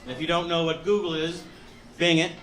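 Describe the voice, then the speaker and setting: A man's voice: fairly high pitch, flat delivery, a little fast. A male stand-up comedian from California, rambling through a self-deprecating live set with profane outbursts. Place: comedy club stage before a laughing audience. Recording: live club recording, crowd laughter and noise.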